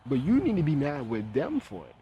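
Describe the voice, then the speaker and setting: A man's voice: mid-range voice, huge pitch swings, brisk, highs cut off, slight background noise. A man giving a casual opinion monologue as a vlogger, with blunt, profane, heated ranting.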